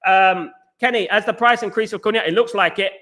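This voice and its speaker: A man's voice: high-pitched, a little fast, pushed and bright. A man hosting a football live stream, ranting heatedly, repeating himself and greeting viewers in the chat. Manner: heated, repetitive, talks back to chat. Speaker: football podcast host. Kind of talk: casual live-stream rant.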